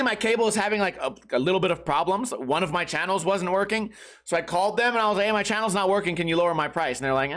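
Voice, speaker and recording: A man hosting a comedy podcast, telling a profane story in a rant that bursts into shouting. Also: high voice. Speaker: podcast host.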